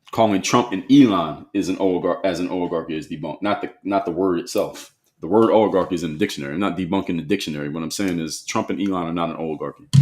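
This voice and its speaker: A man hosting a solo live stream, reading chat comments aloud and pushing back on them bluntly in a conversational way. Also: sits low.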